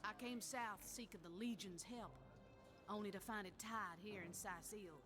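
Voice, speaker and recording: A woman's voice: medium pitch, moderate pace, close to an everyday voice. A woman voicing a hearty Southern retired warrior. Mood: rousing. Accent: Southern American. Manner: folksy, rousing, full of old sayings. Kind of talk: video game voice acting. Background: game music.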